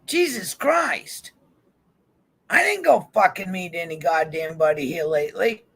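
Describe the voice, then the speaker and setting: A man's voice: a little high, big pitch swings, normal speed, gravelly, fairly bright tone, husky. A man on a vlog in a heated, swear-filled rant, calling people out directly. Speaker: YouTube vlogger. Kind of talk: angry profane rant to camera. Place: van.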